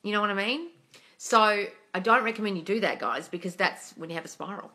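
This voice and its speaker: A young woman who works as a manifesting coach runs a casual live Q&A, answering viewer comments bluntly, swearing freely and calling people darling. Her mid-range voice is brisk, pushed and bright.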